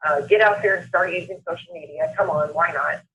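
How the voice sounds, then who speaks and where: A woman's voice: on the low side, a little fast, a bit bright, a little hiss or hum. A woman hosting a motivational conference call, upbeat and emphatic, repeating phrases for effect. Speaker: call host. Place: Southern California. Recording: muffled phone-line call recording.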